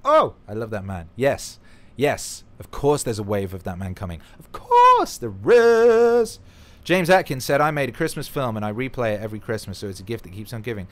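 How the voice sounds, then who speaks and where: A man hosting a casual livestream chat, excitable and swearing freely, swinging between mumbles and loud bursts. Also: on the low side, fast. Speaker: livestream host.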